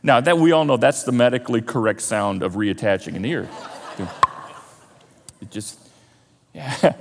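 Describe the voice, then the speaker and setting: A man preaching a sermon as pastor, animated and acting out scenes in quoted voices. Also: mid-range voice, a little slow, vocal fry, noisy background. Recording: long hall reverb.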